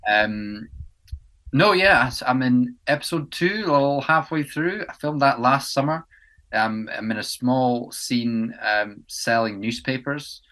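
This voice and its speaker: A man's voice: medium pitch, a little slow, sharp tone. A young man from England, an actor co-hosting a podcast, chatting casually and rambling with many ums and restarts. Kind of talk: casual chat. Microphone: podcast mic indoors.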